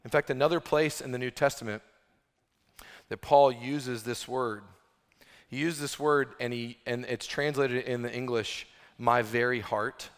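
A male pastor delivers a sermon in an easy, conversational way, leaning on fillers and restarting his thoughts. His voice sits in a middle pitch. The sound carries a long hall reverb, as from a church sanctuary. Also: steady tone, moderate pace.

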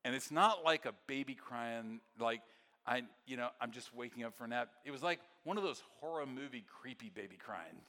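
A pastor delivers a sermon in a bright, forceful voice. He tells lively stories and then sinks into hushed, soft passages. The sound carries the long reverb of a large church hall. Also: medium pitch, a little fast. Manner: storytelling, swings from excited to very soft and hushed.

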